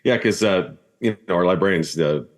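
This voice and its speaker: A man's voice: deep voice, moderate pace. A man hosting a casual interview podcast, who often restarts his questions as he asks them.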